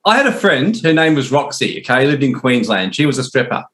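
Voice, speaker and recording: A middle-aged man with an Australian accent, hosting a casual chat and telling a story with lively shifts of voice when he quotes people. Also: medium pitch, brisk. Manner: animated storyteller, voices swinging up when quoting others. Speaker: host.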